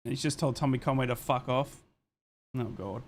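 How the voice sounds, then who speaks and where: A young man streaming a live football watchalong, calling the match play by play and reading out chat messages, excitable and swearing freely. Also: mid-range voice, moderate pace, a little hiss or hum.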